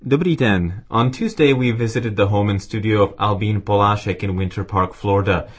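Husky low-voiced man reading a letter. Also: moderate pace. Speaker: reader of listener letters. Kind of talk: reading letters aloud on radio.

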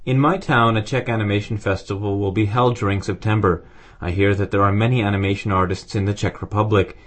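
A man reading listeners' letters aloud on a radio show in a careful, even way. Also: lowish voice, brisk.

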